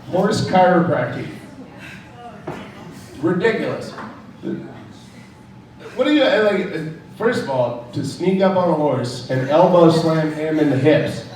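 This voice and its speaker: A man's voice: high voice, a little mellow, a little hiss or hum. A man doing a crude, rambling stand-up comedy set on a club stage, chuckling at his own jokes. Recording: very echoey room, from far off.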